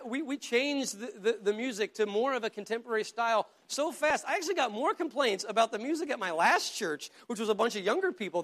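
Man preaching, high voice, earnest and conversational, stumbles over repeated words. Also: a bit bright. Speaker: pastor. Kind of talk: sermon.

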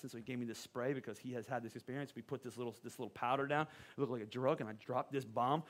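A middle-aged male pastor preaching a sermon, telling a funny personal story with lively, self-deprecating humor. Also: medium pitch, racing, hardly any pauses.

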